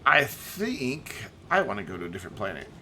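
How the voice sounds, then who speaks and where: Lively, bright-voiced male game streamer. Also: fairly low pitch, brisk, a little hiss or hum. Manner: rambling, joking, animated. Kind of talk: casual chat while playing a game.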